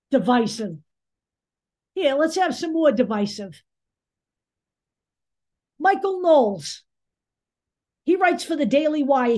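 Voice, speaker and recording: Angry, blunt, high-voiced woman commentator. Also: a little mellow. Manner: angry, sarcastic, blunt and profane. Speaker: political commentary host. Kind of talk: opinion commentary monologue.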